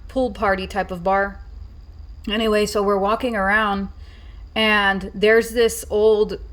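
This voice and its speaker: A woman vlogger telling a story in a casual, rambling way, full of fillers and restarts. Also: mid-range voice.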